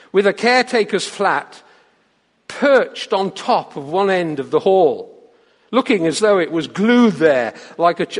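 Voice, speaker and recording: A man preaching and reading a story aloud as part of a sermon, lively and expressive. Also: a little high. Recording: long reverb of a large church hall.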